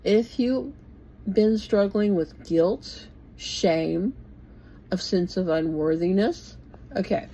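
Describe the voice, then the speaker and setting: Slow, blunt woman in her sixties. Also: mid-range voice, mellow, a little hiss or hum, rough recording. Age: 60s. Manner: blunt and plainspoken, swears casually. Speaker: bible teacher. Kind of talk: informal bible talk.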